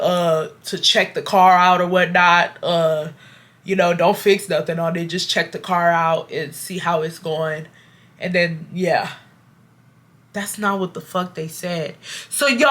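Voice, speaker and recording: Animated woman, bright voice. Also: medium pitch. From Houston, Texas. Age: 20s. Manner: animated, blunt and profane. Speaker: vlogger telling a story. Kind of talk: casual storytime.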